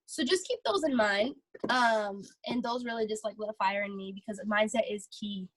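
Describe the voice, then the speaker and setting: A young woman talking casually and excitedly on a motivational vlog, full of fillers. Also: mid-range voice, moderate pace, no room sound, low-quality recording. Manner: chatty, filler-heavy, excitable. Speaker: vlogger.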